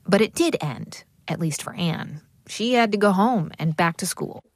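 A woman's voice: lowish voice, normal speed, vocal fry, no echo, studio quality. A woman hosting a radio show, reading scripted narration. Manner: lively, scripted delivery.

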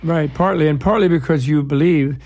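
A man's voice: fairly high pitch, brisk, darkish tone. A man as an interview guest, explaining ideas in a discursive, digressive way with playful analogies. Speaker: guest, Buddhist scholar.

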